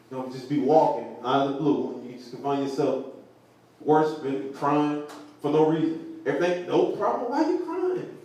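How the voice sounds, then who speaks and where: High-voiced, lively man preaching in an echoey hall. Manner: animated, laughing, asks the crowd questions. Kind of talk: interactive Bible teaching. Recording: echoey room from far off, faint noise.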